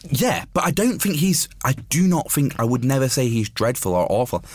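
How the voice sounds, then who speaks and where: A man's voice: mid-range voice, very animated, moderate pace, a little mellow, no echo. A man co-hosting a casual chat about a film musical, opinionated and full of restarts. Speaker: podcast co-host.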